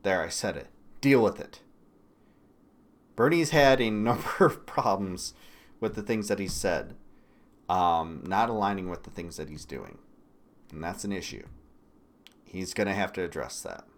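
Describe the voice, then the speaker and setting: A man from Michigan hosting a political commentary livestream. He talks bluntly and swears often, with sudden loud bursts between quieter asides. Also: low-pitched, lively intonation, unhurried, pauses often. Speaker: livestream host.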